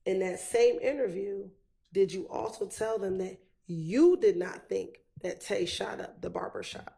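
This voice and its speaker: A woman prosecutor questions a witness in a courtroom, methodical and repetitive. Her voice is gravelly and dark, and she speaks in a measured way. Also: mid-range voice.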